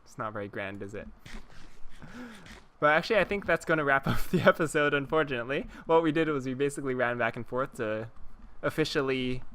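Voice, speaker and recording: A man's voice: medium pitch, pushed and bright, a little hiss or hum. A man in his twenties hosting a game video, chatting casually and chuckling as he tells stories to his viewers. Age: 20s. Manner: rambling and chuckling, talks to viewers. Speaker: Minecraft let's-play host. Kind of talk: casual commentary while gaming.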